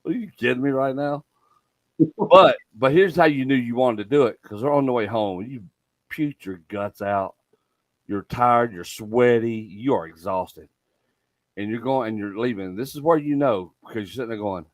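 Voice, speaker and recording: A middle-aged man, hosting a casual chat and telling stories in an animated way, swearing freely. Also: mid-range voice, normal speed, dry recording, low-quality recording. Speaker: podcast host.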